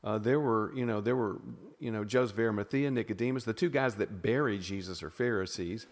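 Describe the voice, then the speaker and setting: A man's voice: lowish voice, a little fast, big-room sound. Southern-drawled man explaining at length. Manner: thoughtful, self-interrupting explainer with frequent restarts. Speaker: podcast guest. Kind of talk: casual teaching conversation.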